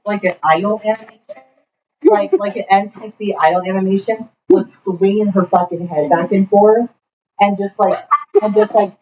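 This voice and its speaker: A woman's voice: mid-range voice, darkish tone. A young woman co-hosting a podcast, telling a party story in rambling casual chat and swearing freely. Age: young adult. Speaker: podcast co-host. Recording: distant mic, dull lo-fi sound, faint hiss.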